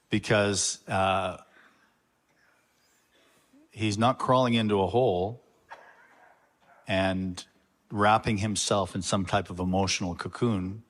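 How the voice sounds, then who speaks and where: Low-voiced pastor introducing a guest. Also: male voice, steady tone. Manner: halting, reflective. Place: church sanctuary. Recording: long church reverb.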